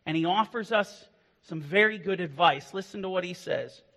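A man preaching a sermon as pastor, impassioned, swinging from hushed passages to loud declarations. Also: high voice, normal speed. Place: church. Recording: long reverb of a hall.

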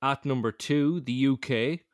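A chatty Irish man co-hosting a podcast, his voice close and dry with no room around it. He rambles along with plenty of fillers, at an ordinary, middle pitch. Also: measured pace, no echo. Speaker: podcast co-host. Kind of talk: casual podcast chat.

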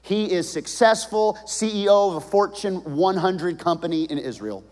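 A man preaching a sermon, retelling a story dramatically and swinging between hushed and loud delivery. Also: high-pitched, moderate pace, in a large hall.

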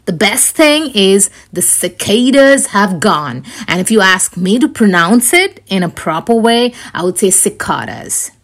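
A woman's voice: mid-range voice, animated, a little slow, hardly any pauses, a bit bright. Rambling chatty woman podcast host. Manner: rambling, chatty, many fillers and restarts. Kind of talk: casual solo podcast chat.

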